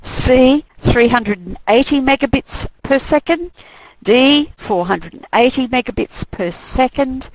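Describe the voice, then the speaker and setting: A woman hosting a quiz on a course broadcast, reading the questions and options slowly and deliberately, often giggling. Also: sits high, animated, slight background noise, low-quality recording.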